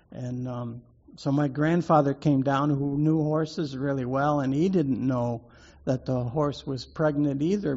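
A man telling a personal story to draw out a lesson, in a halting way with many repeated words and restarts. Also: medium pitch, vocal fry, darkish tone. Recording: dull lo-fi recording.

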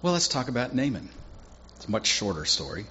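A man's voice: medium pitch, very animated, brisk, bright, forceful tone, muffled recording, a little hiss or hum. A male pastor preaching a sermon in a conversational, folksy storytelling way with casual asides.

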